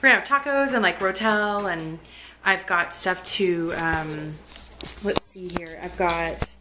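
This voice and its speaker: A mother filming a casual family vlog at home, chatting to the camera and to her babies. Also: fairly low pitch. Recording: home video with household noise.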